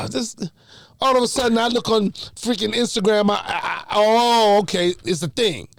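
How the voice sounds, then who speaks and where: A man from Jamaica with a Jamaican accent, a podcast guest telling a story in an animated, exasperated way. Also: high voice, measured pace, creaky, no echo, studio quality. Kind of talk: casual storytelling.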